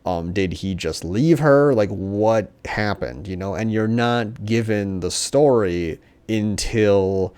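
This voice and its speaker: Young male reviewer, somewhat low pitch, rambling, profane and sarcastic. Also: slow pace, few pauses, a little mellow, clear, resonant tone. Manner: rambling, filler-heavy, sarcastic. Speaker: movie reviewer. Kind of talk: casual, profane rant.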